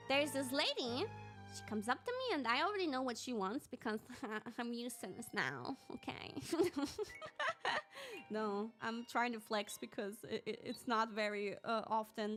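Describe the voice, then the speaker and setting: Woman from Austria, livestream host, animated giggly storytelling, bright sharp voice. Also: on the high side, normal speed, faint music behind. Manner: animated and giggly, with lots of "like" fillers.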